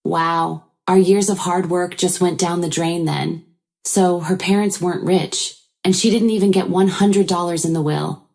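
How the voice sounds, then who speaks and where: A woman's voice: fairly low pitch, fairly even intonation, moderate pace, creaky, darkish tone. A woman voicing a greedy, scheming mother-in-law who makes demands and pries. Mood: upset.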